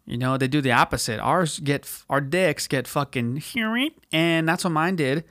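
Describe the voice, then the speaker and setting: A man's voice: a little high, moderate pace, fairly bright tone, no echo, studio quality. A man hosting a podcast, telling a story in a casual, profane, slangy way and acting out quotes in put-on voices. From United States. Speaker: podcast host.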